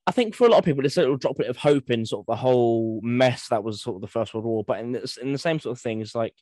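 A man's voice: medium pitch, quick pace, dry recording. A man with a mid-range voice, co-hosting a history podcast. He tells anecdotes in an easygoing way, with plenty of ums and sort-ofs. The recording is dry and close. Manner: relaxed anecdotal storytelling with fillers. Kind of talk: casual conversation.

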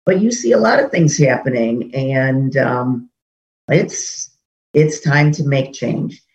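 A woman's voice: very deep voice, slow pace, darkish tone, slight background noise. Woman political candidate, indignant, rambling with fillers, muffled lo-fi sound. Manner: indignant, storytelling with many fillers. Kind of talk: interview conversation. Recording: dull lo-fi audio.

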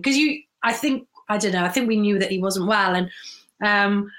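A woman's voice: mid-range voice, normal speed. A woman, telling stories in a casual chat, laughing often. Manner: warm storytelling, laughs often, mimics voices. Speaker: guest.

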